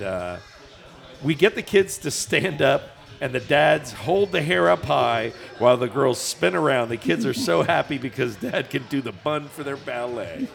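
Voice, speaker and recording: Gravelly, laughing man chatting. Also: mid-range voice. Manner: chatty, laughs often, self-mocking. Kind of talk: casual chat.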